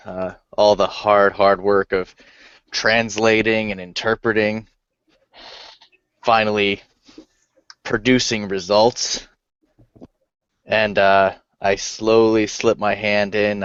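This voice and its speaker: A man playing a tabletop game, describing his character's actions in a halting, slow-building way. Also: on the low side, fairly bright tone, clear, resonant tone, no echo. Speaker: player. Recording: dry, dull lo-fi sound.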